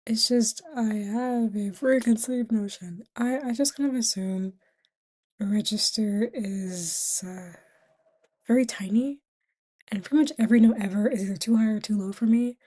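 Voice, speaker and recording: A woman's voice: on the high side, normal speed, darkish tone, husky. A tired young woman vlogging in a casual, rambling way, often dropping to a whisper between fillers. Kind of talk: casual confessional chat.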